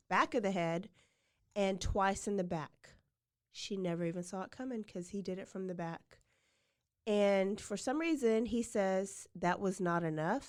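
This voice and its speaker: A woman podcast host casually retells a true-crime case, chatty and filling her speech with "like" often. Her mid-range voice has a darkish tone, recorded dry at studio quality.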